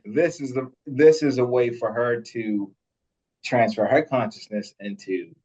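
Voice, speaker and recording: A man's voice: medium pitch, slow pace, darkish tone, breathy edge, dull audio. A man co-hosting a podcast in casual chat, laughing often and swearing loosely. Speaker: podcast co-host.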